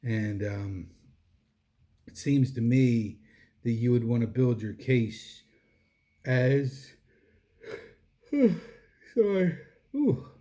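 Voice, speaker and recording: Earnest rambling man, very dark voice. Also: medium pitch, fairly even intonation, extremely slow, long pauses. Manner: rambling with many fillers and restarts; earnest, devotional. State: tired, yawning. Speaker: vlogger. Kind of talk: casual personal monologue.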